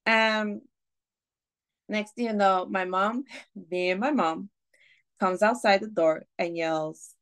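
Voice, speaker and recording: A woman's voice: mid-range voice, takes it slowly, pauses often, clear, resonant tone. A woman guest on a podcast, telling a personal story candidly, with swearing, fillers and restarts. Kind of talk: casual storytelling.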